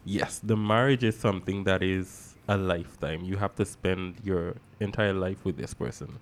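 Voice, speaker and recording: Low-voiced male co-host chatting easily. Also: moderate pace. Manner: easygoing, laughs often. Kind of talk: casual talk show chat.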